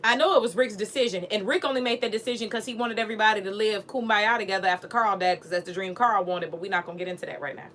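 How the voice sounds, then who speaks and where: Animated woman chatting with viewers. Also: mid-range voice, rapid-fire, hardly any pauses, a little hiss or hum. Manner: animated, profane, talks straight to viewers. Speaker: live stream host. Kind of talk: casual live stream chat.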